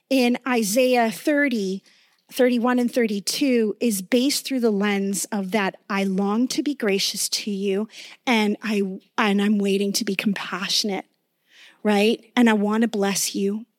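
A woman preaching in an earnest, conversational way, weaving in her own testimony and often checking in with her listeners. Her voice sits a little high for a woman, and the recording is dry and close with no room sound. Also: dry recording. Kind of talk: sermon with personal testimony.

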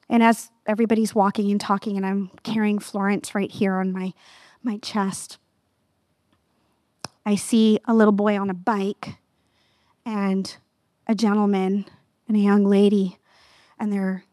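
A woman in her fifties preaching a sermon with passion, asking the listeners direct questions and rising to near-yelling. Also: medium pitch, no room sound, clean studio sound. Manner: asks the audience direct questions.

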